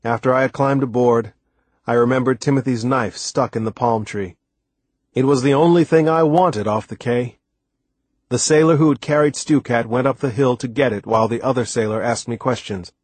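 A man reading an audiobook aloud in a steady, measured way. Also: mid-range voice, no room sound. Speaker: audiobook narrator. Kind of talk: scripted narration.

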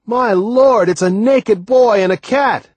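A man voicing a startled American sailor in a storybook reading, calling out in a raised, loud voice. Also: on the high side, huge pitch swings, unhurried, husky, no echo, dull audio, pitched above the performer's own voice, heavily acted. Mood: shouting. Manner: loud, calling across distance.

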